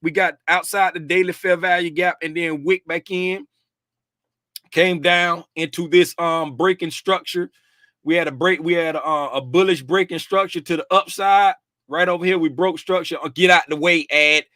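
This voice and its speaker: A man's voice: a little high, steady tone, normal speed, sharp tone, no room sound, clean studio sound. A middle-aged man hosting a casual livestream about futures markets. He is chatty and slangy, greets viewers by name and laughs often. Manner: easygoing slangy talk.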